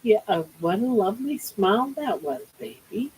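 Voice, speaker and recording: A woman's voice: medium pitch, sing-song, normal speed, darkish tone, slight background noise, rough recording. An older woman hosting a casual livestream from home, cooing baby talk to her pet. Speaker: livestream host.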